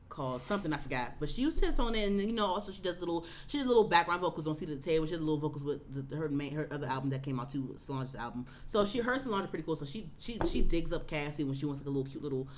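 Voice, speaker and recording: A woman co-hosting a casual podcast chat, rambling and animated, often restarting her sentences. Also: deep voice, a little hiss or hum. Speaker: podcast co-host.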